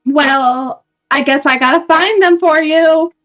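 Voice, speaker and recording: A woman's voice: sits high, slow, a bit bright, soft background music, voice pushed up. A woman voicing a playful young female circus performer who teases a little. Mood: teasing.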